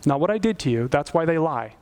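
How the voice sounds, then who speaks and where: A man's voice: on the high side, animated, fast, darkish tone. A man preaching a sermon as pastor, telling a personal story and pleading earnestly. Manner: storytelling, rising to pleading intensity.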